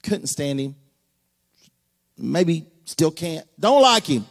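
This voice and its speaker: A man preaching a sermon, folksy and joking, with sudden shouts and hushed asides. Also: on the high side, very animated, slow pace. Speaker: pastor.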